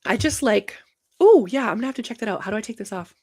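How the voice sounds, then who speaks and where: A young woman hosting a casual livestream show, talking fast and energetically with many fillers. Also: a little high, expressive, darkish tone, breathy edge. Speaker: host of a banking livestream show.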